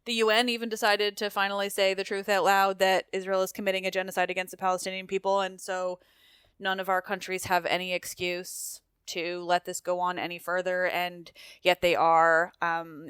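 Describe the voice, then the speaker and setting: A woman's voice: lowish voice, level tone, moderate pace, a bit bright, clean tone, dry recording, clean studio sound. A woman hosting a podcast, talking candidly and emotionally, with frequent swearing and restarts. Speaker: podcast host. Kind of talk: casual podcast chat and outro.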